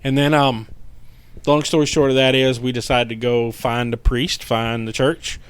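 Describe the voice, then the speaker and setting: Chatting casually on a podcast, this male paranormal investigator guest tells a story with lots of energy and swearing, performing other people's lines. He speaks at normal speed in a medium-pitched, smooth voice with no echo.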